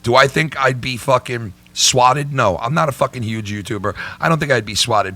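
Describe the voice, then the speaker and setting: A middle-aged YouTube host rants to his viewers in a heated, profane vlog, repeating himself as he goes. His voice is medium-pitched and sharp, delivered at a moderate pace with hardly any pauses.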